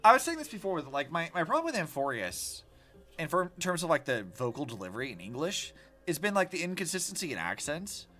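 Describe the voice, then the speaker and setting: Male streamer, casual game commentary, profane rants, very animated pitch. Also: fast talker, faint music behind. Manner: rambling, profane, animated ranting. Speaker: vtuber streamer.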